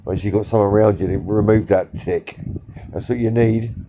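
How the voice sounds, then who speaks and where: A man's voice: on the low side, fairly even intonation, normal speed, noisy background. A man vlogging casually, rambling with many fillers and repeats, blunt and swearing. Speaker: social media vlogger. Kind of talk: casual talk to camera.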